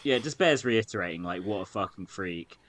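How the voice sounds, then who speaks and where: A man hosting a podcast, chatting in a sardonic, sweary way, full of halting fillers. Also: deep voice, lively intonation, fairly bright tone, no room sound. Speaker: podcast host. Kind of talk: casual political chat.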